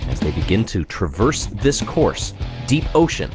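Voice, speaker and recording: A man giving rapid, excited play-by-play commentary on a race, played from a clip. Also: fairly low pitch. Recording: clip played with music underneath.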